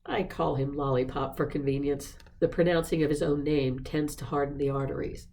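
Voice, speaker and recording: Woman reading a wry young gentleman. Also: deep voice, steady tone, brisk. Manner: dry, teasing.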